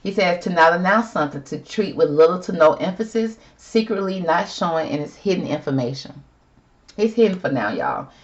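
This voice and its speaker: A woman's voice: fairly low pitch, animated, brisk, highs cut off. A woman doing a casual tarot reading, chatty and sassy, calling viewers girl and y'all. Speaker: tarot reader.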